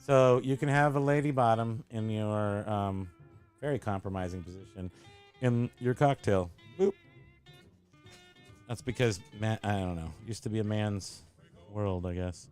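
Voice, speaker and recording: A man's voice: lowish voice, a little slow, a little mellow, clean tone, faint music behind. A man hosting a casual show-and-tell chat at a home tiki bar, rambling and joking as he corrects himself. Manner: rambling, jokey, self-correcting. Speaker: host.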